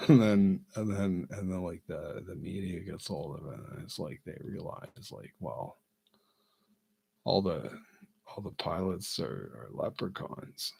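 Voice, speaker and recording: Gravelly, slow-talking man rambling. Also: deep voice, lively intonation, darkish tone. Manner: halting, self-amused, lots of fillers and restarts. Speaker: vlogger. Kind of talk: rambling comic monologue.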